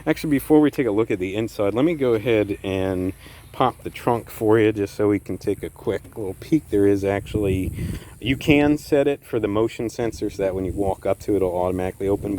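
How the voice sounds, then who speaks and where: Easygoing man with a low voice. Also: a little fast, slight background noise, poor audio. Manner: relaxed, enthusiastic, repeats words like "very, very". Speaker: car owner reviewing his car. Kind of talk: casual walkaround car review. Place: outdoors beside a parked car.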